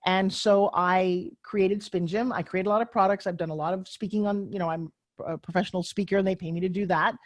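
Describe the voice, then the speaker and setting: A middle-aged woman speaking as a guest in a podcast interview. She talks with emphatic, energetic drive, pushing her points hard like a motivational speaker. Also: medium pitch, brisk.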